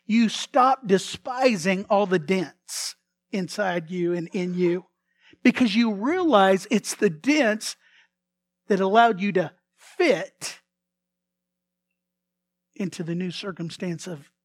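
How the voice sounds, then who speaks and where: A man preaching a sermon as pastor, telling the story in a lively way, acting out the figures' lines and often repeating words as he restarts. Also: high voice, slow pace, pauses often, no echo. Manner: animated storytelling, acts out characters' lines.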